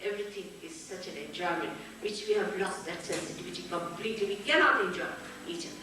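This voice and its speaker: An older woman, giving a spiritual talk to an audience and telling lively stories with frequent laughs. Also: fairly low pitch, fast talker, background noise. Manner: storytelling, lively, laughs often. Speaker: spiritual teacher. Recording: echoey hall, far from the mic.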